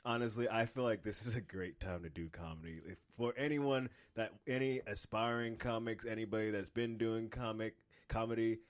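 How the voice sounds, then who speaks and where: A man's voice: on the low side, steady tone. A man co-hosting a podcast, an amateur comedian talking in a profane, emphatic and casual way. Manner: profane, emphatic, quick to laugh.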